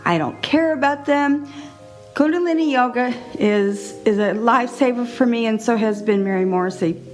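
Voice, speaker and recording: A middle-aged woman hosting her own podcast, talking in a chatty, animated way and laughing often. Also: fairly high pitch, moderate pace, soft background music. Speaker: podcast host. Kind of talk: casual solo podcast monologue.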